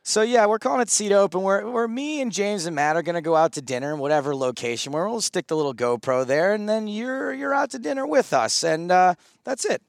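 A man hosts a podcast in a relaxed, casual way, explaining a new segment. His voice sits a little high, and the sound is dry and close. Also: brisk, vocal fry, few pauses, no room sound. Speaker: podcast host. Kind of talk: casual chat.

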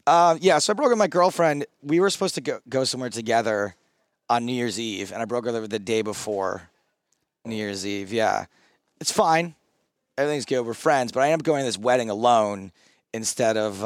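A man's voice: mid-range voice, a little fast, no echo, studio quality. A man in his thirties on a podcast, telling rambling, self-mocking stories in casual chat, often restarting his sentences. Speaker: podcast co-host.

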